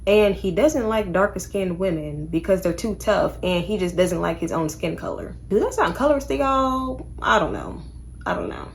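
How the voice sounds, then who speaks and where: A woman's voice: medium pitch, moderate pace, few pauses, a little hiss or hum. A young woman giving casual commentary in a vlog, sassy and emphatic, firing off rhetorical questions. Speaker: commentary vlogger.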